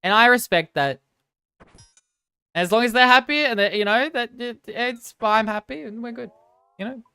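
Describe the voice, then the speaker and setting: Woman, live-stream chat, rambling, self-deprecating, smooth voice, dry sound. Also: on the high side, moderate pace, long pauses, sharp tone, no room sound.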